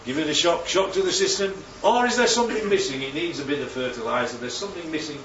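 A man preaching a sermon, animated and full of rhetorical questions, his voice leaping up for emphasis. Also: on the high side, fast, a little hiss or hum. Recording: roomy, distant, dull sound with faint ambience.

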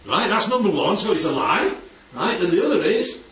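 In a casual Bible teaching to a group, a man keeps asking questions and checking that his listeners are following. His voice sits high, swings widely in pitch, and has a fairly bright tone at a slightly quick pace. The recording sounds distant, dull and roomy, with faint background noise.

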